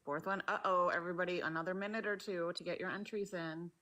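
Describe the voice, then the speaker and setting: A woman's voice: lowish voice, steady tone, fast talker, sharp tone. A woman hosting a casual live stream, chatting and calling out to the others by name. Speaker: stream host.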